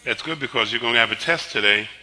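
A man in his sixties, a tired pastor, preaching a sermon in a relaxed, conversational way, telling stories between scripture and leading his congregation in slow, emphatic confession. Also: medium pitch, low-quality recording.

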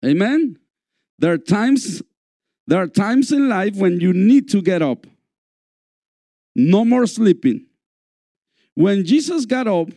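A man preaching a sermon in a church, slow and repetitive, calling out for amens. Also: sits high, dark tone, no echo, studio quality. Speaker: pastor.

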